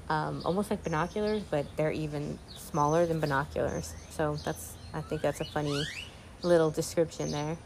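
Woman reading a kids classic out loud, lowish voice, stops to explain stuff w/ some ums. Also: creaky, a little hiss or hum. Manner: pauses with ums, explains old words. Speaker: reader. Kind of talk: reading a children's classic aloud with asides.

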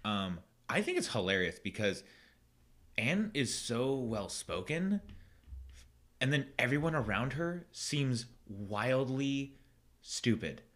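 A man co-hosting a podcast in casual chat, rambling with many fillers and restarts and quick to laugh. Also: mid-range voice, sing-song, a bit bright. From United States. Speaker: podcast co-host.

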